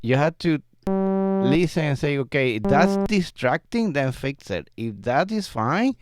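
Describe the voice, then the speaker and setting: Male music producer, relaxed tutorial delivery, music under the voice. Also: a little high, measured pace. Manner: relaxed, explains step by step, laughs often. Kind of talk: screen-recorded software tutorial. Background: vocal track playback.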